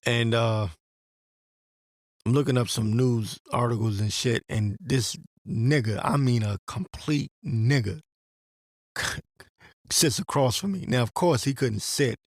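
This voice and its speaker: A man's voice: mid-range voice, dry recording, studio quality. A man giving a profane, rambling religious rant and reading scripture aloud. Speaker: religious commentator. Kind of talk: ranting monologue with scripture reading.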